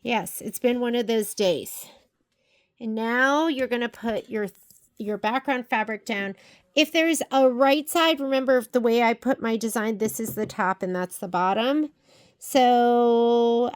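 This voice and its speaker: A woman chatting viewers through a sewing project step by step, talking to them directly while she works. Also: a little high. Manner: chatty, talks straight to viewers while working. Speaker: sewing and embroidery instructor. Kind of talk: casual step-by-step craft tutorial. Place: sewing room at a sewing shop. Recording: faint machine noise behind.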